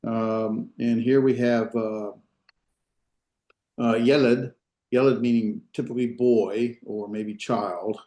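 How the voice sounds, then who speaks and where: A man teaching a language class in a lecture, unhurried and full of fillers and restarts as he explains step by step. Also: medium pitch, steady tone, warm tone. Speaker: Hebrew instructor. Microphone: video call.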